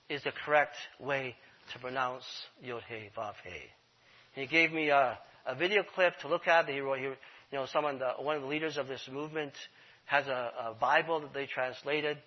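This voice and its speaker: A man leading his congregation in an earnest sermon, repeating key phrases for emphasis. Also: on the high side. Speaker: congregation leader. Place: congregation room. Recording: dull lo-fi sermon recording.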